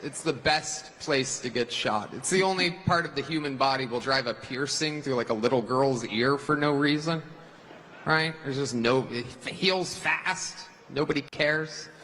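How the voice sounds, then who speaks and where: A man's voice: medium pitch, moderate pace, pushed and bright, slight background noise, rough recording. A man performing a mocking stand-up set at a rally in a large arena. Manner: mocking punchline delivery. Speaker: stand-up comedian.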